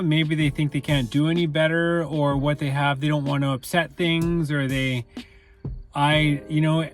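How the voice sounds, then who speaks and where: A man talking casually and candidly in a rambling monologue, full of fillers and restarts. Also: a little high. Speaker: channel host.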